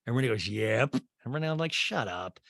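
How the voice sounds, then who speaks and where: A man's voice: medium pitch, quick pace, vocal fry, no echo. A man hosting a comedy podcast, recapping a reality show with sarcastic, profane asides and exaggerated mimicked quotes. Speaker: podcast host.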